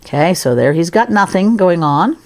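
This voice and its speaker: A woman's voice: lowish voice, animated, normal speed, a little mellow. A woman giving a casual, playful sculpting tutorial, chatting as she works. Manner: chatty, playful, talks while working. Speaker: sculpting instructor.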